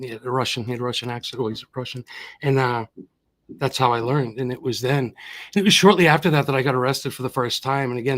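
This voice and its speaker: A man in his thirties from Massachusetts, a podcast guest telling his personal story in an earnest, reflective way. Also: mid-range voice. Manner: earnest, reflective, with frequent restarts.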